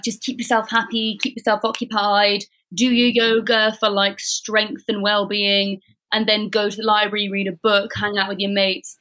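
A woman's voice: mid-range voice, fairly bright tone. A young woman as a podcast guest, talking in a reflective, rambling way with casual swearing. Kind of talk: casual chat.

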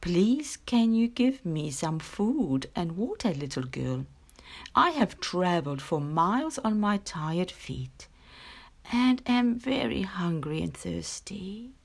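A woman's voice: lowish voice, sing-song, gravelly, slightly rough, heavily acted. A woman doing a tired, whispery old man. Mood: pleading. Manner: tired, hushed, slow pleading. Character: tired, ragged old man of about eighty.

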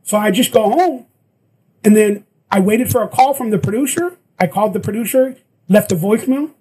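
A man's voice: sits high, brisk, a little hiss or hum, rough recording. A man telling a story in casual chat, acting out the lines of the people in it. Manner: animated, acts out quoted lines. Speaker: guest actor.

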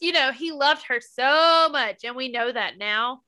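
A woman's voice: high-pitched, measured pace, sharp tone. A young woman co-hosting a casual podcast, recapping a TV episode in an emotional, gushing way. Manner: emotional, gushing recap with laughs and quoted lines. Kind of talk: casual chat.

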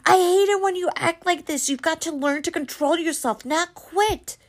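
A woman voicing an angry, frantic mother at her wit's end, with a shrill screaming delivery, in a storybook reading. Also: moderate pace.

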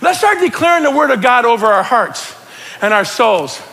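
A middle-aged man preaching a sermon, building from casual talk into excited shouting. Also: very high voice, normal speed, creaky. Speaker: pastor. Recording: long church reverb.

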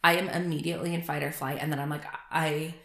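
A woman co-hosting a podcast, chatting casually, animated and quick to laugh, with self-deprecating asides. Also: low-pitched. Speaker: podcast co-host. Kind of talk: casual chat. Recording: echoey room.

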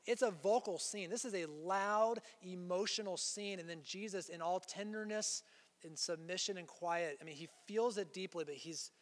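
A man's voice: sits high, long reverb tail. A pastor preaching an earnest sermon, reading scripture aloud between his explanations.

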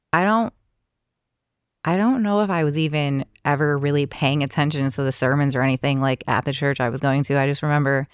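A woman's voice: sits low, smooth, no room sound, studio quality. A woman guest on a podcast, telling a personal story in a chatty way, full of filler words. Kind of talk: casual storytelling.

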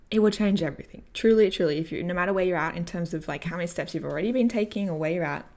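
A woman's voice: lowish voice, quick pace, darkish tone. A young woman vlogger telling a story and giving coaching tips in a candid, casual way, swearing freely and laughing often. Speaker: personal growth vlogger.

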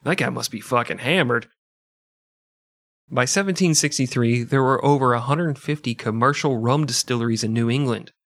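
A man from the American Midwest co-hosting a comedic history podcast, telling the story with deadpan, crude tangents. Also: medium pitch, moderate pace, dry recording.

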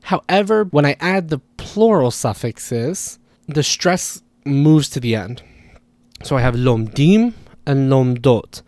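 A man's voice: a little high, expressive, takes it slowly, no echo. A man hosting a language podcast, talking casually and explaining ideas through spoken examples, often correcting himself as he goes.

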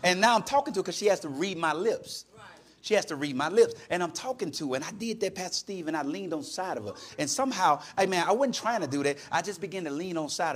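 A man's voice: high voice, animated, quick pace. A man preaching a fiery sermon, punctuating nearly every phrase with amens and hallelujahs in a call-and-response style.

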